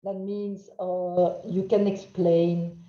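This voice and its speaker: A woman with a French accent giving a webinar lecture, halting with many fillers and checking in with "huh?". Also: on the low side, little pitch movement, mellow. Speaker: webinar trainer. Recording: roomy, dull lo-fi sound.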